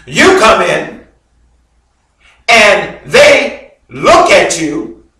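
A male bishop delivers a sermon in a high, very animated voice, taking his time over every phrase. He tells his story dramatically, alternating loud bursts with hushed drops. The sound comes from well back from the mic and rings around a very reverberant church hall. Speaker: bishop preaching. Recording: very echoey hall, mic far off.

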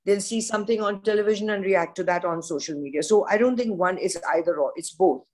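An older woman with an Indian English accent talks in a forthright, opinionated way. She is a veteran journalist on a podcast panel, and her pitch sits in a middle range. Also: fast, darkish tone.

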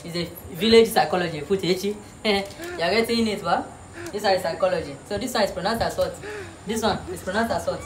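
A woman's voice: lowish voice, fairly quick. Mock-bossy woman as a comic teacher, noisy room behind her. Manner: mock-authoritative, teasing, repeats words with laughs. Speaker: comedian playing a teacher. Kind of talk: comic classroom sketch. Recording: noisy background.

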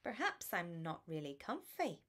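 A restless little elephant boy who cannot fall asleep, voiced by a woman reading a storybook aloud. His voice is gentle and plaintive, sitting a touch low and unhurried. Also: very animated, slight background noise.

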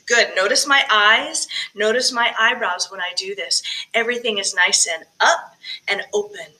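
A woman's voice: mid-range voice, moderate pace, pushed and bright, low-quality recording. A woman directing a choir rehearsal, explaining diction and breathing and singing short phrases to demonstrate. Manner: coaching, demonstrating sung phrases between spoken tips. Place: recorded alone for virtual choir practice.

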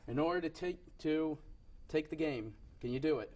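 Young man, game show host, high voice, upbeat patter, corrects himself. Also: normal speed, darkish tone. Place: TV studio.

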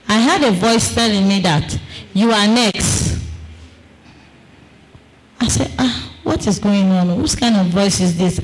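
A woman's voice: medium pitch, low-quality recording. Earnest woman giving church testimony. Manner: earnest storytelling, acting out quoted dialogue. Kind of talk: personal testimony to a congregation.

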